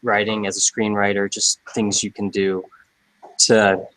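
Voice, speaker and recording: A man's voice: lowish voice, level tone, unhurried, fairly bright tone, low-quality recording. A man from the audience asking a question hesitantly, searching for his words.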